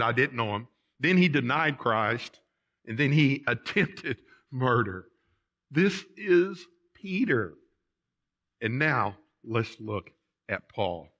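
A male pastor preaching a Sunday sermon in a church, plain-spoken and folksy, swinging from loud emphasis to quiet asides. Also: mid-range voice. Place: church sanctuary.

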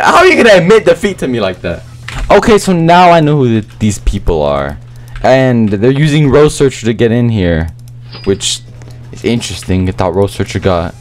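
A young man commenting on his own gameplay, talking in slangy, excitable, rambling trash talk. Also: mid-range voice, normal speed, soft background music. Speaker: gaming YouTuber.

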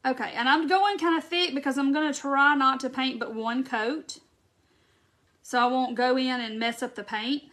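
A woman's voice: high voice, fairly even intonation, fairly bright tone. A woman hosting a casual crafting livestream, chatting to viewers by name as she paints. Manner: chatty, drawn-out Southern "y'all" talk, greets viewers by name. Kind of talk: casual live crafting chat. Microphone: phone or camera mic on a livestream.

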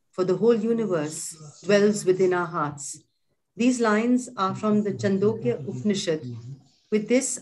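Calm woman moderating. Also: medium pitch, low-quality recording. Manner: calm, formal. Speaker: meeting moderator. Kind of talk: formal moderation and recitation.

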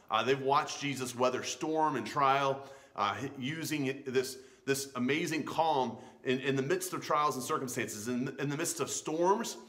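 A man's voice: mid-range voice, bright, forceful tone. A man in his thirties preaching to a youth group, earnest and pleading, often restarting his words. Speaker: youth pastor. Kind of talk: sermon. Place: church in Florida.

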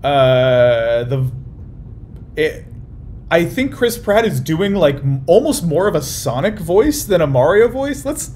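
A young man chats in a slightly high voice with a very lively, bouncing pitch. He rambles wryly and keeps restarting his sentences. He speaks from a hotel room, with a faint hiss behind him. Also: takes it slowly. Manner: rambling and wry, with lots of restarts. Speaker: YouTube reaction host. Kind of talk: casual chat.

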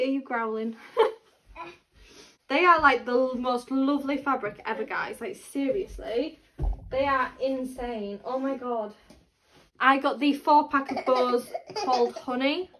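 A woman's voice: sits high, moderate pace, a bit bright. A pregnant woman chatting casually to camera at home, gushing and cooing to her toddler. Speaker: vlogger and mother.

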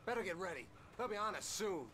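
Horror game companion, urgent barked orders, very high for a man, noisy bed. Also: lively intonation, quick pace, pushed and bright. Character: tense man fighting dark foes beside the hero. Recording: game audio under background noise.

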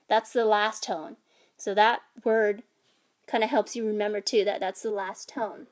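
A woman's voice: mid-range voice, fairly even intonation, unhurried. A woman teaching a language lesson, patiently explaining and sounding out vowels and tones. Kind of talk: instructional explanation.

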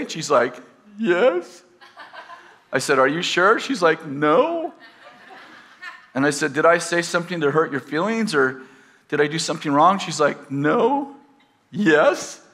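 A pastor telling a personal story to a live audience in a rambling, conversational way, with self-deprecating humor. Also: male voice, fairly high pitch, brisk, a bit bright, slight background noise. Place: campus teaching session.

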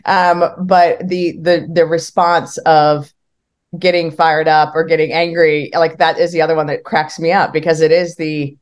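A woman's voice: sits low, flat delivery, moderate pace. A woman co-hosting a podcast, chatting casually, often laughing and quoting herself. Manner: laughing, quotes herself with lifted voice. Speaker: podcast co-host. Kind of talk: casual conversation.

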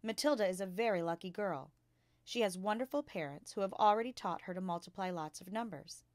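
A woman voicing a kind, gentle young schoolteacher who asks encouraging questions. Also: medium pitch, brisk, no room sound, natural voice.

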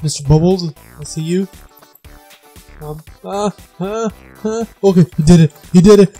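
Casual gaming commentator, mid-pitched and mellow, mocks themself, squeals when surprised. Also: unhurried, soft background music. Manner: self-mocking, laughing, squeals in high pitch when surprised; scats beatbox sounds along with the game. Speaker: gamer and channel host.

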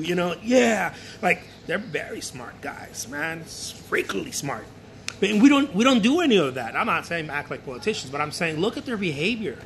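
A man's voice: high-pitched, moderate pace, a little hiss or hum. A painter whose first language is Spanish, chatting casually and animatedly in his studio and acting out other people. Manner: animated, repeats himself, acts out other people. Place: art studio.

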